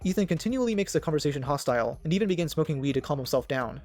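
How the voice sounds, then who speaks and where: A man's voice: a little high, lively intonation, very fast, darkish tone, soft background music. A man narrating a commentary video in a snarky, judgmental tone.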